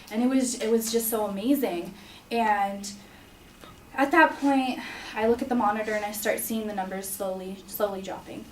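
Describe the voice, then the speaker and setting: A young woman recounts a personal story in a halting, earnest voice, pausing and restarting often. She sounds set back from the mic in a roomy space, with a faint hum of ambience behind her. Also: mid-range voice, a little mellow, recorded from a distance. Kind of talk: personal story told to an audience.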